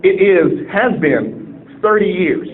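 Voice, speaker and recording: A man's voice: high voice, expressive, takes it slowly, slight background noise. A man in his late forties from Cleveland, Ohio, giving a humorous sermon-style talk as a guest speaker and calling on the audience to answer. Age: late 40s. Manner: jokey, calls on the audience to answer. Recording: tinny phone-like sound.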